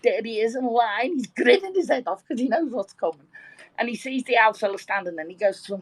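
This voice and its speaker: A woman telling a joke with lively, animated delivery and some swearing in a casual online chat. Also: a little high, brisk, breathy edge, rough recording. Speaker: participant in an online audio chat room.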